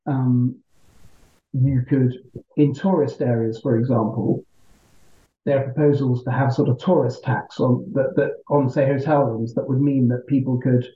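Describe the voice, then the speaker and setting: A man speaking as a political guest, laying out his case in measured, argumentative turns and often tagging points with "right?". His voice sits at a middle pitch and carries noticeable room echo. The sound is a little dull and muffled. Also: warm tone. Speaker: member of parliament, guest. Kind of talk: political interview answers.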